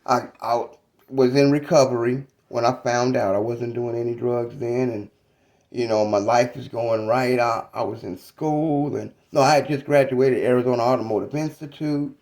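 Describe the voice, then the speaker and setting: A man in his thirties telling a personal story about his mother in a reflective, halting, casual way. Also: medium pitch, creaky, a little mellow. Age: 30s.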